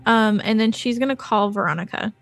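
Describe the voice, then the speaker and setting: A woman's voice: fairly high pitch, a little fast, creaky, no room sound, soft background music. A woman playing a tabletop game, speaking casually and hesitantly with fillers. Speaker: player.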